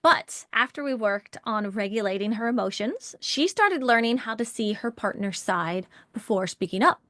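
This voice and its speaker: A woman teaching an online relationship communication workshop, animated, asking rhetorical questions and acting out example phrases. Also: a little high, no echo, studio quality. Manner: acts out example phrases in changed voices.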